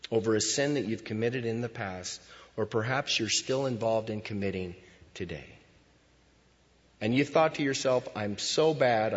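A man preaching a sermon as pastor in a church, moving between hushed lines and loud cries. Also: lowish voice. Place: church sanctuary. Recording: dull sound with long hall reverb.

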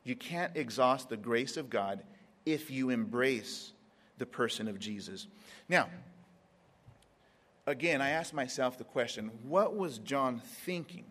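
A man preaching a sermon in a mid-pitched voice. He stretches key words, leaves long pauses, and slips into quoted voices to act out scenes. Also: animated, a bit bright, big-room sound. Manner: dramatic pauses, acts out Bible scenes in quotes.

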